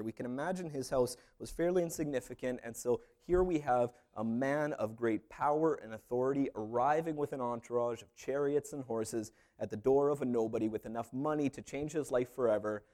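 A man's voice: mid-range voice, mellow. Laid-back man preaching a casual sermon. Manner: conversational, jokey asides, lots of fillers. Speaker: pastor.

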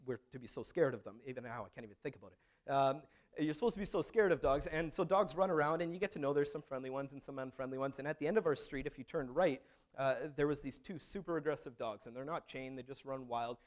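A man preaching a sermon in a conversational, storytelling way, with frequent restarts. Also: medium pitch. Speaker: pastor.

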